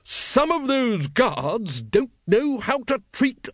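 A woman's voice: on the high side, very animated, takes it slowly, no echo, clean studio sound, voice pushed up, heavily acted. A man doing a hearty, jolly aristocratic lady. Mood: indignant.

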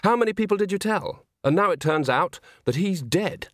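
A man's voice: high voice, expressive, normal speed, fairly bright tone, no echo, clean studio sound, pitched above the performer's own voice. A man doing a sneering, guarded young man.

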